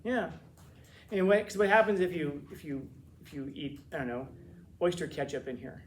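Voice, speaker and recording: A man teaching a classroom lecture, telling funny stories with quick asides and teasing his students. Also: on the high side, a little hiss or hum. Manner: joking, animated storytelling with quick asides.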